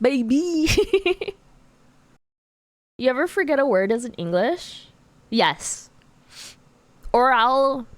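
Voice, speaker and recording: Drawing on stream, a woman with a fairly high pitch chats giggly and relaxed with her audience, using "like" as a frequent filler. She responds to viewer chat questions in a dry recording.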